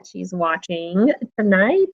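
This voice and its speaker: A woman's voice: lowish voice, big pitch swings, slow pace, highs cut off. A woman from North Carolina hosting an online interview in casual chat, laughing often and rambling a little. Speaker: interview host.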